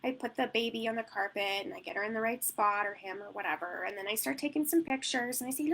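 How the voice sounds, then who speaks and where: A woman's voice: fairly high pitch, fast, gravelly, a bit bright, poor audio. A woman newborn photographer answering questions in a live online Q&A, rambling and chatty with plenty of "like" and "um". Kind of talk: live Q&A teaching.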